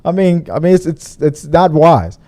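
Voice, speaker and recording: A man hosting a relaxed online chat show, his voice sitting a little high for a man and swinging widely in pitch. He talks loosely, laughs often and jumps into squeaky mocking voices to make a point. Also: normal speed. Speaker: podcast host. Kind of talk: casual chat.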